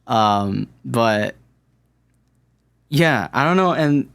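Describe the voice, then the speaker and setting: A man's voice: medium pitch, lively intonation, drawn-out words, vocal fry, a bit bright, clear, resonant tone. A man hosting a solo podcast, rambling in a self-deprecating way with lots of fillers and restarts. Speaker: podcast host. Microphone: camera-recorded podcast setup.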